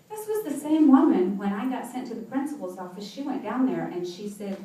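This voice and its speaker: A motivational speaker with a warm, mid-range voice talks fairly quickly with big pitch swings and hardly any pauses. She tells personal stories and laughs often during an inspirational talk to a seated audience in an event hall, heard distantly through echo.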